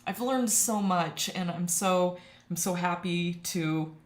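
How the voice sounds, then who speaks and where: A woman teaching watercolor on a live stream, talking casually and warmly to her viewers. Her voice sits a little low, and she laughs easily and gets emotional. The sound is roomy and echoey. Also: takes it slowly. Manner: chatty, emotional, laughs often. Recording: echoey room.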